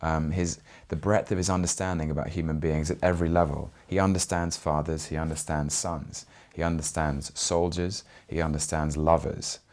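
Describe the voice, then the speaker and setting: A young man from Britain, an actor speaking in an interview, earnest and reflective with frequent pauses. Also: very deep voice, steady tone, a little mellow.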